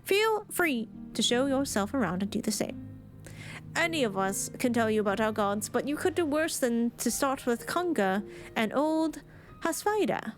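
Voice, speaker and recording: A woman's voice: fairly high pitch, big pitch swings, normal speed, faint music behind. A woman voicing a friendly island villager who welcomes a visitor, reading the dialogue aloud. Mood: welcoming.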